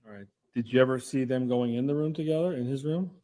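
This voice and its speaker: Brief: male attorney, quick delivery, direct examination in court. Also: medium pitch, mellow. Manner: brisk, leading questions. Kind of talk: courtroom questioning.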